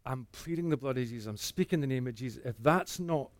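A man telling a personal faith testimony, earnest, dropping to a hush and then rising again. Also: medium pitch, quick pace, no echo. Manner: earnest storytelling that swings between hushed and animated. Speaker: speaker giving a testimony.

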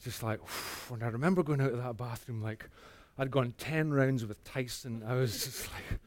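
A man telling a personal faith testimony, earnest, dropping to a hush and then rising again. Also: mid-range voice, normal speed, no room sound. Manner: earnest storytelling that swings between hushed and animated. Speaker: speaker giving a testimony.

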